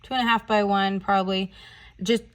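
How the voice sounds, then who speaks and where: Woman vlogger, mid-range voice, casual story-time rant, heavy swearing, animated. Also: mid-range voice, a little fast. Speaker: nail art vlogger. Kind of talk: casual story time while doing nails.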